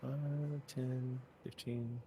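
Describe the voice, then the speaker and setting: A man running a tabletop game as game master, pausing with ums while he checks rules. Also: mid-range voice, flat delivery, mellow, slight background noise.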